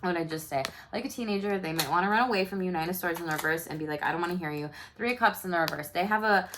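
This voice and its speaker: A woman's voice: lowish voice, racing, background noise. A woman doing a casual tarot reading, chatty and loose, full of fillers and the odd swear word. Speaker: tarot reader.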